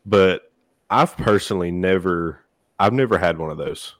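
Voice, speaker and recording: A man's voice: sits low, moderate pace, fairly bright tone, no echo. A man hosting a podcast in a studio, rambling through his thoughts with lots of filler phrases. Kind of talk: casual chat.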